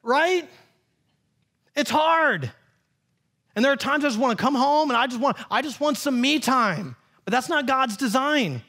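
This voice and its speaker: A man in his thirties, a pastor preaching a lively sermon and acting out quotes in playful voices. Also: very high-pitched, normal speed. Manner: animated, acts out quotes in funny voices. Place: church sanctuary.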